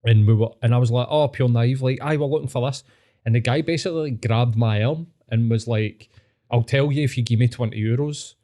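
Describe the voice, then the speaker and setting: A Scottish man hosting a podcast, telling sweary, animated stories in casual chat. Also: medium pitch, fairly quick. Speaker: podcast host.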